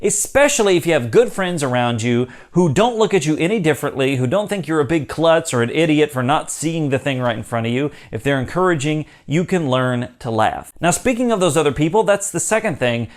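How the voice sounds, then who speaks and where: Upbeat man with a lively, bouncing pitch. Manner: upbeat, laughs easily, acts out quoted lines. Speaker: YouTube host. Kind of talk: casual talk to camera.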